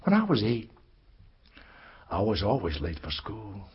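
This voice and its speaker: A man performing a story for an audience, talking in a lively sing-song way and acting out the voices. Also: on the low side, unhurried, music in the background. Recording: dull lo-fi recording.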